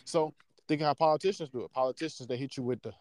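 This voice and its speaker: A man in casual podcast chat, talking in an animated, slangy way and checking in with his listeners as he explains. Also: medium pitch, fast talker, no room sound. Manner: animated, slangy, often asks "you know what I'm saying". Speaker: podcast co-host.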